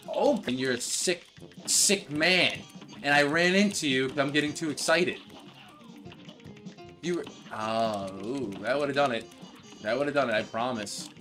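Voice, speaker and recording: A young man giving live commentary as he plays a video game, frustrated, yelling at the boss and rambling in jokes. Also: mid-range voice, measured pace, long pauses, soft background music. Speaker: gamer playing a video game.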